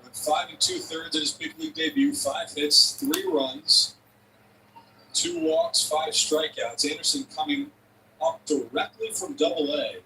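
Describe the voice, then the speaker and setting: A man calling a baseball game as play-by-play announcer, reading off stats in a steady delivery. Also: a little high, unhurried, distant mic, slight background noise, poor audio. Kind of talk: baseball commentary.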